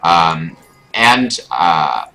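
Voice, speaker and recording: A man's voice: rumbling low, big pitch swings, extremely slow, sharp tone, soft background music, poor audio. A young man giving casual live commentary over his own gameplay as a streamer, explaining his choices with frequent fillers. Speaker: gaming streamer. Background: keyboard clicks and typing.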